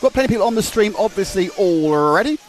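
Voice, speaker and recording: An excitable man hosting a live racing stream, his voice pitched high and bouncing all over the place. He talks in a bubbly rush of greetings and asides, clearly thrilled to be on air. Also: fast talker. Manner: excitable, bubbly, reads out viewer names. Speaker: race commentator.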